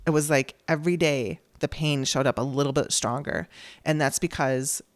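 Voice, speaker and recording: A woman's voice: low-pitched, moderate pace, no echo. A woman hosting her own podcast, telling a personal story in a candid, conversational way and acting out the dialogue she quotes. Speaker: podcast host.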